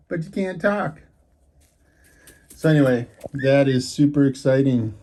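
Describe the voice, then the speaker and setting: A backyard animal keeper chatting casually to pet emus outdoors, often slipping into high baby talk. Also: a little slow, long pauses, mellow, no echo. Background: faint outdoor ambience and bird sounds.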